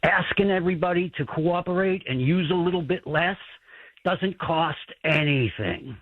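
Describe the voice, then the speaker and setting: Male caller, high voice, tinny phone line, earnest, argumentative. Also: moderate pace, no echo. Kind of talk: call-in talk radio.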